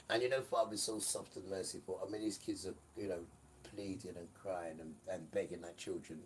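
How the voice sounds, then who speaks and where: A man preaching on a livestream in a repetitive, emphatic way, often asking the viewers "right?" and breaking into loud bursts. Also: sits low, steady tone, normal speed, far from the mic, rough recording.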